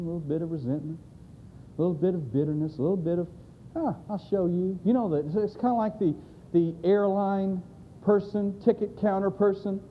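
A man's voice: high-pitched, warm tone, slight background noise, poor audio. A man preaching a sermon, telling a folksy joke and acting out the voices. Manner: folksy storyteller, drawling, acts out voices.

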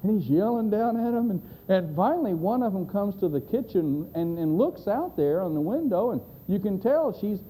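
A man's voice: high-pitched, animated, moderate pace, few pauses, warm tone, slight background noise, low-quality recording. A man preaching a sermon, telling a folksy joke and acting out the voices. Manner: folksy storyteller, drawling, acts out voices.

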